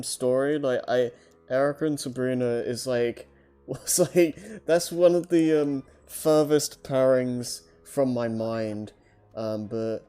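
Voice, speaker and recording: A man co-hosting a podcast, rambling and halting with little laughs. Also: medium pitch, warm tone, smooth. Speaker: podcast co-host. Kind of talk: casual chat.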